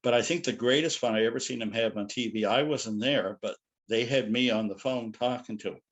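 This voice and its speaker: A man's voice: mid-range voice, a little fast, breathy edge. A middle-aged man telling anecdotes as a guest speaker in a loose, rambling way. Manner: rambling, anecdotal, frequent "you know". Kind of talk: casual storytelling lecture.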